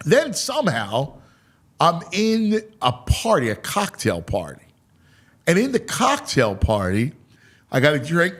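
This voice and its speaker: A man hosting a sports talk show, telling a story in a lively, animated way. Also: sits high, husky. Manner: animated storyteller, acts out quotes. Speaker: sports radio host.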